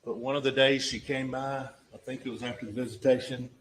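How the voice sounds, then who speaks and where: A man's voice: mid-range voice, level tone, a little fast, fairly bright tone, slight background noise, poor audio. A man giving a closing argument as a prosecutor in a courtroom, emphatic and full of rhetorical questions that drive home each point.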